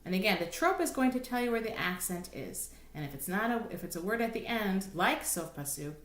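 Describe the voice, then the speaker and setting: A woman cantor giving a recorded lesson, explaining patiently and thinking aloud, now and then breaking into slow sung examples. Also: medium pitch, big pitch swings, fairly bright tone. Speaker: cantor teaching a class. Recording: roomy, echoey room sound.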